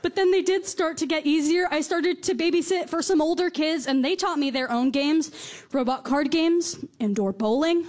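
A teenage girl telling a wry, conversational first-person story on stage, dropping low and soft at reflective moments. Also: normal speed. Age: teens.

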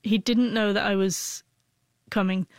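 A woman in her forties tells a personal story in an interview. She stutters, often breaking off sounds and restarting words. Her voice sits at a middle pitch and is recorded dry and close, with no room sound. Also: steady tone, unhurried, no echo. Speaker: interview guest.

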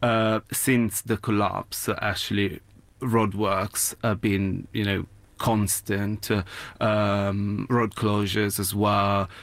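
Hesitant low-voiced male reporter. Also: flat delivery, takes it slowly, fairly bright tone, no room sound. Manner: hesitant, many fillers and repeats. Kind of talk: live news interview.

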